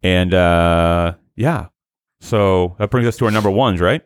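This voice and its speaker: Low-voiced laid-back man hosting a podcast. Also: unhurried, smooth. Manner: laid-back, rambling with fillers. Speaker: podcast host. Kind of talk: casual podcast chat.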